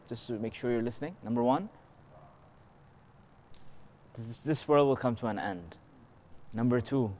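A religious teacher gives a conversational lesson, explaining patiently, posing rhetorical questions and repeatedly checking in with listeners. He slips into melodic Arabic recitation of verses. His medium-pitched voice has a darkish tone, with a little hiss or hum.

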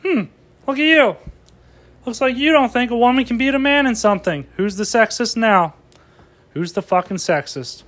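A man ranting as a comedian, excitable and profane as he riffs. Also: very high-pitched, normal speed.

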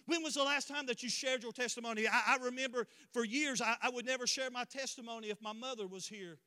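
In a church sanctuary with long, ringing reverb, a man preaches a sermon fervently in a high, bright voice. He speaks fast and smoothly, building up to emphatic declarations.

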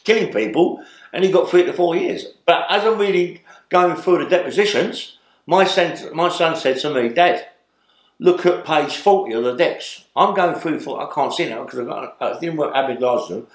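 An older man with a voice on the high side speaks at a moderate pace in a reverberant space. As a guest in a sit-down interview, he tells rambling stories, tagging his lines with "yeah?"

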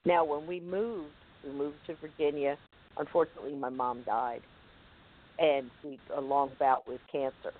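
A woman casually recounting a personal story, vivid and animated. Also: deep voice, normal speed, a little hiss or hum. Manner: vivid, animated retelling with acted-out moments. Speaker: guest telling a personal story. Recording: tinny phone-line sound, dry.

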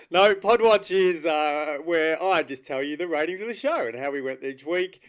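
A man co-hosting a comedy podcast, his voice slightly high and swinging widely as he jokes and laughs often. The chat is loose and animated. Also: a little slow, clean tone. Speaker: podcast co-host.

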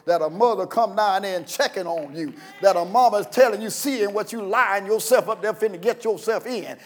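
A man preaching a sermon as pastor, folksy and storytelling, breaking into sudden shouts and chuckles. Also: high-pitched, brisk.

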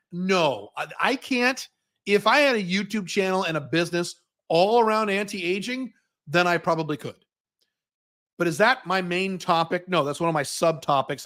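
A man runs a livestream Q&A, answering viewer questions one by one. He speaks in a fairly high voice. He is blunt and opinionated and swears freely. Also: fairly bright tone. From United States.

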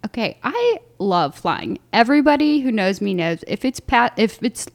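A woman's voice: a little high, expressive, normal speed, creaky, no echo. A young adult woman co-hosting a podcast, chatting casually and laughing often as she tells family stories. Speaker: podcast co-host. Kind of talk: casual chat.

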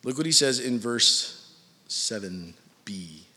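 A man's voice: medium pitch, animated, slow pace, sharp tone, husky, big-room sound. A man preaching a sermon in a church, casual and joking with his listeners between points. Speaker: pastor.

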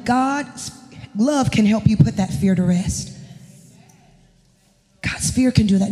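A woman's voice: on the high side, mellow. A woman preaches with fervent, emphatic conviction from a church pulpit. As the pastor's wife and a worship leader, she delivers her sermon passionately. Her voice rings out with a long, echoing church reverb behind it.

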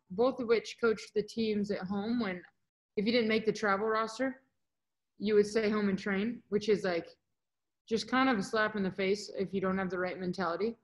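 A chatty young woman tells her stories as a podcast guest, lively and loose. She talks casually and acts out what others said to her. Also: mid-range voice, poor audio. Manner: animated, chatty, acts out quotes. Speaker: volleyball player guest. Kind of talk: casual interview storytelling.

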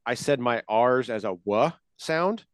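A man's voice: mid-range voice, animated, measured pace, no room sound. A man guesting on a movie podcast, joking and nitpicking in casual chat.

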